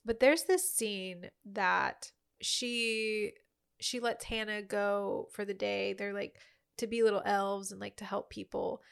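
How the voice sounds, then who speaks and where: Gushing woman with a gravelly edge. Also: mid-range voice, steady tone, slow pace. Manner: gushing, rambling with many "like" fillers. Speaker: podcast co-host reviewing a movie. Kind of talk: casual chat.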